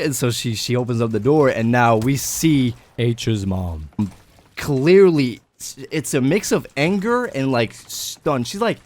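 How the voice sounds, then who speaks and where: A young adult man telling a personal story in a casual vlog, animated and swearing. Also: mid-range voice, unhurried. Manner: animated, swearing, breaks into laughter. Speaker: vlogger.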